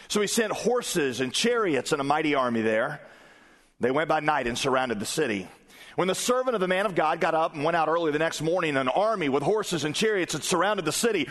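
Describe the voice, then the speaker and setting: A male pastor with a slightly high voice preaches in an easygoing, conversational way. He reads scripture aloud and acts out the voices in it. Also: lively intonation, a little fast, a bit bright. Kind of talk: sermon.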